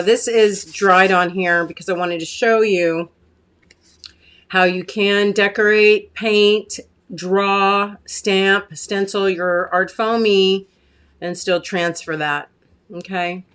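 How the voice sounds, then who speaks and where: On her casual live craft stream, a woman from the US chats with viewers and reads out their comments at a slow pace. Her voice is medium in pitch with fairly even intonation and a catch in the throat, which she clears frequently. She talks warmly, with plenty of fillers and asides aimed at the people watching.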